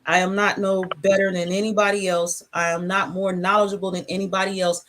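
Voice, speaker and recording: A woman hosting a casual livestream from her home, talking in a relaxed, rambling, reflective way. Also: medium pitch, a little fast. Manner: talks with food in her mouth. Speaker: channel host.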